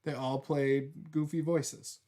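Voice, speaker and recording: A man hosting a casual chat as game master, reading out viewer comments in a relaxed, teasing and rambling way. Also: on the high side, takes it slowly.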